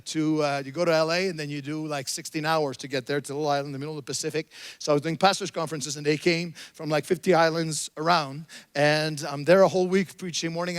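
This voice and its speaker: High-voiced male preacher, emphatic and dry. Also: dry recording. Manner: emphatic preaching, swings from soft storytelling to shouted exhortation. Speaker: pastor. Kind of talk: sermon. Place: church sanctuary.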